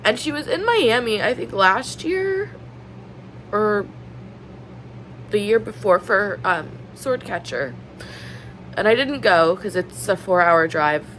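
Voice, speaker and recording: A woman in her thirties talks casually on her book vlog in a mid-range, fairly bright voice with lively intonation, speaking slowly and leaving long pauses. She rambles earnestly with many "likes" and "ums," openly showing emotion. The recording is rough, with a little hiss or hum.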